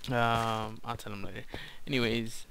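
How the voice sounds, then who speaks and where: A man's voice: mid-range voice, flat delivery, normal speed, vocal fry. A young man giving hyper, goofy commentary over his gameplay. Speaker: gamer. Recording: loud background noise.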